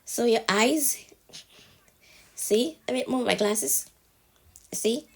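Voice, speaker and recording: Her voice sits a little high and a little mellow, and she speaks slowly despite her cold. This TikTok creator chats her way through a relaxed step-by-step phone tutorial at home, asking the viewer how it's going after each step.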